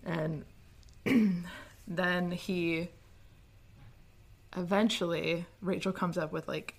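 A woman with a low-pitched voice recounts an episode on her podcast. She is relaxed and often stops to fix her own retelling. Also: drawn-out words, breathy edge. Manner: relaxed, corrects herself mid-story. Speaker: podcast co-host. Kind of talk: casual recap chat.

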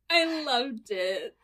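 Chatty woman podcast cohost, bit high pitched, laughs a lot while retelling stuff. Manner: giggly, animated storytelling. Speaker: podcast co-host. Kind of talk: casual recap chat.

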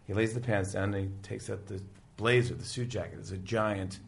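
Gravelly low-voiced man retelling a story. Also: brisk. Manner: animated storyteller, many restarts and quoted voices. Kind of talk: casual chat.

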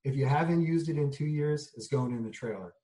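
A man with a dark, mellow voice tells a story in casual conversation, slipping into the lines of the people in it. He sits a little back from the mic, so his voice sounds slightly distant. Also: on the high side, brisk. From United States. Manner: animated storyteller acting out quotes. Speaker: guest, junk removal business owner.

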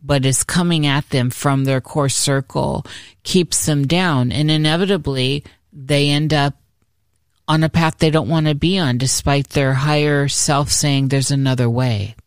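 Female host, very low voice, dry close sound, reflective. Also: fairly even intonation, a little slow, clean tone, no echo. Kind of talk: casual conversation.

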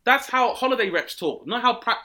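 A man ranting comically, jumping into mock voices and shouted punchlines. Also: very high voice, animated, a little fast. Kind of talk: comic rant with acted-out voices.

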